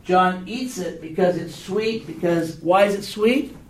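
A man's voice: sits high, measured pace, slight background noise. Man teaching a Bible class. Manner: conversational, checks in with rhetorical questions. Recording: echoey room, mic far off.

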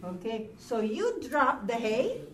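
A woman's voice: a little high, sing-song, takes it slowly. Woman teaching a class, heard from far off. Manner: patient, asks the class questions. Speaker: Hebrew teacher. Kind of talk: classroom lesson. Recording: roomy, from far off, faint noise.

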